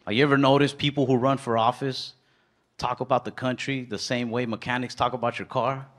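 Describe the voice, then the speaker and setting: A man's voice: medium pitch, little pitch movement, brisk. A man doing stand-up with dry, sarcastic storytelling. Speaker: stand-up comedian. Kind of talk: stand-up comedy set. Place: comedy stage before a live audience. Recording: noisy live club recording.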